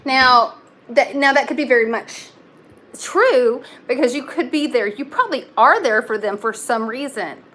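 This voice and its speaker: A woman's voice: high-pitched, normal speed, a bit bright. A young woman giving a casual live tarot reading, talking in a chatty, reassuring way with lots of fillers. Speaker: tarot reader.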